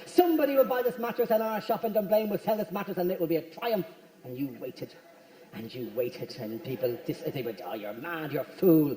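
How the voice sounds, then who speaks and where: A man doing stand-up comedy on a theatre stage, talking quickly and excitably and slipping into impressions of people. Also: sits high. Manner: rapid, excitable, mimics crowd members. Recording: echoey hall reverb.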